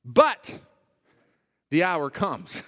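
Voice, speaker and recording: A male preacher with a high-pitched voice delivers a sermon in a church hall. His delivery swings between loud, emphatic declarations and soft, hushed asides. The sound carries a long hall reverb. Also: very animated, very slow.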